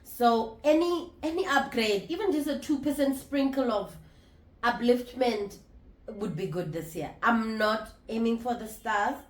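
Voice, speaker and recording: A woman in her thirties talking candidly to camera in a casual vlog, reflective and halting, often restarting her sentences. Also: fairly high pitch, expressive. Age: 30s. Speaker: vlogger. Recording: roomy echo.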